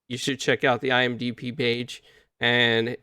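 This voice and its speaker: A man's voice: medium pitch, little pitch movement, a little slow, pushed and bright, clean tone, no echo, clean studio sound. A man hosting a casual interview, enthusiastic and a little rambling. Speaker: host.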